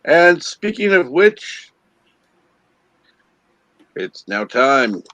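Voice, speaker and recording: A man's voice: medium pitch, big pitch swings, extremely slow, a bit bright, no room sound, muffled recording. A man co-hosting a podcast, chatting casually in a sardonic way. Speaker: podcast co-host. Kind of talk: casual chat.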